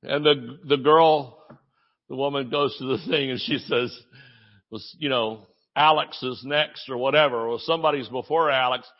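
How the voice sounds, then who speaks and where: A man preaching a sermon as a pastor, animated, with shouted exclamations and joking asides. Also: mid-range voice, moderate pace, muffled recording.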